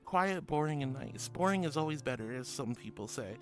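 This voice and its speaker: A man's voice: medium pitch, lively intonation, a little fast. A man hosting a casual livestream, bubbly and affectionate, reading chat messages aloud and calling viewers honey and sweetheart. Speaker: streamer. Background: music.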